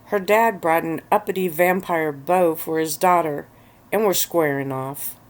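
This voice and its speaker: A woman's voice: deep voice, measured pace. A woman voicing a protective, teasing young male werewolf in a self-written story read aloud.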